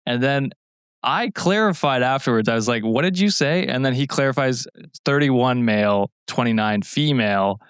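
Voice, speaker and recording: A man's voice: medium pitch, moderate pace, smooth, no echo. Young man, mid voice, casual chatter, self-deprecating laughs, dry close mic. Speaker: podcast co-host and editor. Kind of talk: casual chat.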